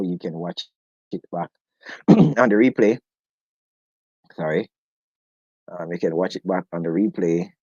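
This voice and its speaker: A man's voice: sits low, warm tone, breathy edge, no room sound. A British man hosts a live online chat, talking loosely and joking with his listeners. He laughs easily between remarks. The sound is dull and dry, with little room around it. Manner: jokey, chatty, laughs often. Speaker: host of a live online discussion. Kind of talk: casual livestream chat.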